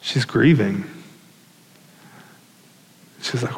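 A man's voice: mid-range voice, normal speed, big-room sound, poor audio. A male pastor preaching a sermon in a conversational way, with fillers and restarts.

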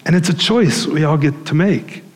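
A man's voice: on the high side, moderate pace. Man preaching in a reverberant hall. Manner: conversational preaching with fillers and restarts. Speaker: pastor. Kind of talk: sermon.

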